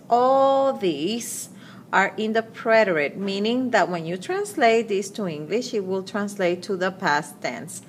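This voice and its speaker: A woman teaching grammar, slowly reading out verb forms and translating examples. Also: medium pitch, a bit bright, a little hiss or hum. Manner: slow, deliberate, repeating conjugations aloud. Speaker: Spanish teacher. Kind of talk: slide-based grammar lesson.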